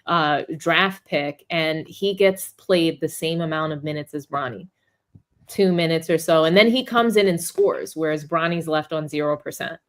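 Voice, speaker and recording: A woman with a somewhat low voice talks on a casual sports panel. She tells stories with animation and retells what players said. Her tone stays conversational throughout. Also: normal speed. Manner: animated storyteller, retells quotes.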